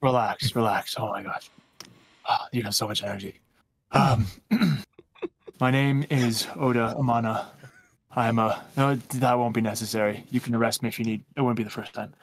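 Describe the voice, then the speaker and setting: A man voicing a calm male adventurer in a tabletop game, speaking gently and reassuringly. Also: medium pitch, moderate pace, lightly acted. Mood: soothing. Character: calm male adventurer who tends the grieving.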